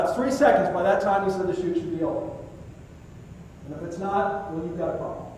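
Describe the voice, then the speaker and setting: Older male keynote storyteller, voice pitched high, distant and roomy hall sound. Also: a little mellow, a little hiss or hum. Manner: vivid storyteller, acts out dialogue. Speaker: keynote speaker. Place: conference hall. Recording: echoey hall, distant mic.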